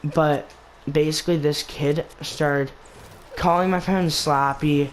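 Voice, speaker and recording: A gaming channel host speaks slowly in a fairly high, steady voice, with a rough recording adding a bit of hiss or hum. His casual, meandering retelling is full of restarts and the words "basically" and "like".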